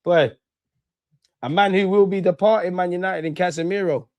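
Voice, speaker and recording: A man's voice: sits high, moderate pace, a little mellow, dry recording. A young man, chatting slangily and sounding bored through live football commentary. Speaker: football watchalong streamer. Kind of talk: casual live match commentary.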